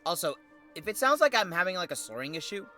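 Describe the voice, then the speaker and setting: A man's voice: high-pitched, big pitch swings, fast talker, bright, forceful tone, faint music behind. A man streaming a game, talking casually in a rambling, hesitant way with lots of fillers; he is tired and slurs slightly from a sore tongue. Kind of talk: casual livestream commentary.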